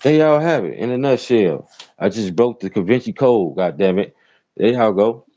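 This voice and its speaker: Chicago guy ranting in his car, low-ish voice, cussing nonstop, says real talk a lot. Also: expressive, moderate pace, warm tone, muffled recording. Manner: loose, profane, repeats "real talk". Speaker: rideshare driver and show host. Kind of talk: profane ranting commentary. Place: inside a car.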